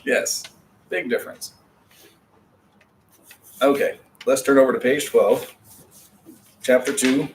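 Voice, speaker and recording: A man's voice: medium pitch, steady tone, takes it slowly, pauses often. A man teaching an adult Hebrew class, explaining patiently with chatty asides. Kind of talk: classroom lecture. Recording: distant mic with faint background noise.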